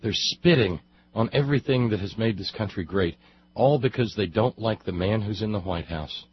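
A man hosts a talk radio show, his voice husky and a bit breathy, heard over slightly dull broadcast sound. He rants about politics with sarcastic scorn, doubling back on himself as he goes. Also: fairly low pitch, expressive, normal speed. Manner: sarcastic, scornful, rambling with restarts. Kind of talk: angry political commentary.

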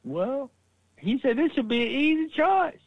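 A man's voice: extremely high pitch, big pitch swings, measured pace, dry recording. A man co-hosting a casual political chat show, rambling and swearing with stammering restarts, on a dull lo-fi microphone. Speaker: podcast co-host. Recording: dull lo-fi mic.

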